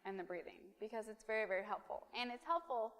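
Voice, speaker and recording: A woman giving an informal sermon, chatty with many fillers, then softly counting a congregation through a breathing exercise in church. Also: on the high side, fast talker. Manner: soft counting during breathing. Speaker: preacher. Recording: reverberant church hall.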